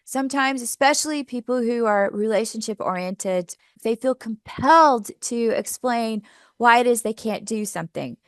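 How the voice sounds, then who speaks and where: A woman's voice: on the high side, moderate pace, clear, resonant tone, dry recording, clean studio sound. Upbeat woman coaching a workshop. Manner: upbeat, coaching, asks the audience questions. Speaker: teacher trainer. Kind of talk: workshop presentation.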